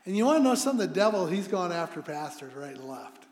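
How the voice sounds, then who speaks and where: A man preaching to a congregation as a visiting speaker, telling stories with animated emphasis and leading prayer. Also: high-pitched, fast talker. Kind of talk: sermon with storytelling and prayer. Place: church sanctuary. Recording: echoey hall sound.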